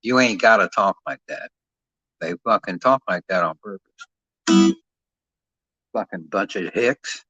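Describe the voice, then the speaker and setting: A man's voice: fairly low pitch, slow pace, long pauses, pushed and bright, breathy edge, dry recording, soft background music. A man hosting a boxing channel who talks in a profane, rambling, boastful way. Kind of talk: casual rambling chat. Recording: dull lo-fi sound.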